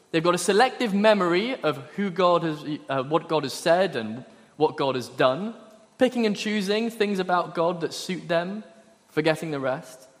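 Man preaching in an echoey hall. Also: fairly high pitch. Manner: earnest, emphatic, with repeated phrases. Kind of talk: sermon.

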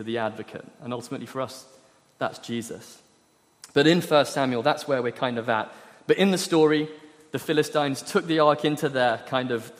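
A man's voice: mid-range voice, big-room sound. A man preaching a sermon, earnest and emphatic, often repeating phrases for effect.

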